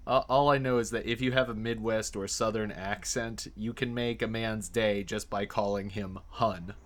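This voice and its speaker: A man hosting an interview, asking questions in short, measured turns. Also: on the low side, fairly even intonation. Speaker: interview host.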